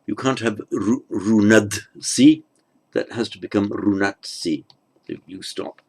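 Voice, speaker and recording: A man's voice: fairly low pitch, moderate pace, husky. A man teaching an online grammar lesson, thinking aloud with fillers and restarts and muttering asides under his breath. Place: at a desk with a tablet.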